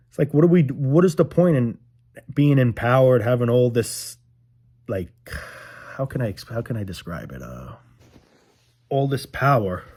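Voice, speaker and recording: A man's voice: medium pitch, a little mellow, breathy edge. Frustrated man ranting, swears a lot. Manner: frustrated, rambling, swears often. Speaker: vlogger. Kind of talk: casual rant to camera.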